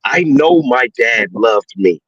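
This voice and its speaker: Animated, profane man caller on lo-fi audio. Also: mid-range voice, slow pace, a little hiss or hum. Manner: animated, profane, laughs at his own story. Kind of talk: casual storytelling on a call-in show. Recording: dull, dry, lo-fi call audio.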